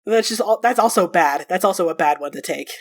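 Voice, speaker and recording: A woman's voice: lowish voice, animated, fairly quick. A woman playing a tabletop game, chatting and joking with the table. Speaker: player. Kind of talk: casual tabletop play.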